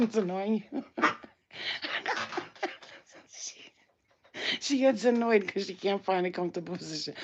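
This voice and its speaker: A woman's voice: mid-range voice, moderate pace, pauses often, darkish tone, dull audio, slight background noise. A woman in her thirties chatting casually, cursing freely and laughing often, teasing her dog. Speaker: vlogger. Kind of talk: casual chat.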